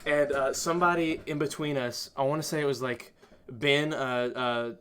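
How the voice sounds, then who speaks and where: A man's voice: medium pitch, normal speed, clean tone. Laughing, chatty young man. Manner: animated storytelling, laughs often. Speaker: podcast host. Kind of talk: casual chat.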